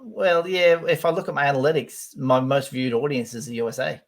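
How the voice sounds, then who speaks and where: An Australian man talking as a guest in a relaxed interview over a video call. His voice sits at an everyday middle pitch. He chats freely, laughs often and repeats words as he restarts his thoughts. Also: brisk. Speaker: guest YouTuber. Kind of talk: casual interview chat.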